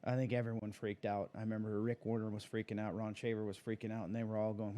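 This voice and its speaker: A man's voice: on the low side, level tone, fast talker, dark tone. A man talking casually as an interview guest, a racing driver who rambles with many fillers and restarts. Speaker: guest, sprint car driver.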